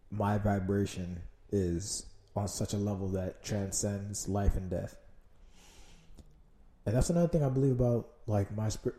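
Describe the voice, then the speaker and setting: A man's voice: on the low side, mellow, reverberant. A man with a Jamaican accent hosting a casual solo podcast, rambling and swearing as he loses his train of thought. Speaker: podcast host.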